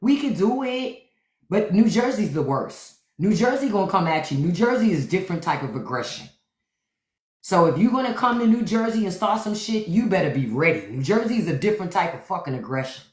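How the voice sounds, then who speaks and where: A middle-aged woman from Washington, DC, hosting a casual livestream and telling profane, animated stories. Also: fairly low pitch, a little fast. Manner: animated, profane storytelling with acted-out quotes. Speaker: podcast host on a live stream. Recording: roomy echo.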